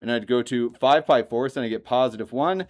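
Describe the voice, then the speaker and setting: A man teaching a math lesson to a classroom, lively and joking, often asking the students questions. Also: medium pitch, fairly quick. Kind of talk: classroom lecture.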